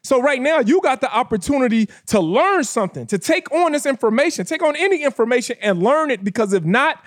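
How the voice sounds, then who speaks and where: A man's voice: very high-pitched, expressive, a little fast. A man co-hosting a podcast in casual chat, speaking passionately and addressing listeners directly in a motivational way. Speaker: podcast co-host.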